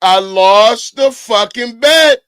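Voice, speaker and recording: A man hosting a livestream, loud and excitable, often shouting as he talks to his chat. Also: very high-pitched, takes it slowly, dry recording. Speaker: livestream host. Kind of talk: reacting to a clip for chat.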